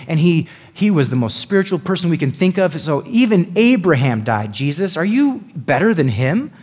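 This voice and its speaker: Chatty man teaching a Bible passage. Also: medium pitch. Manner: chatty, lots of "like" and "right?" asides.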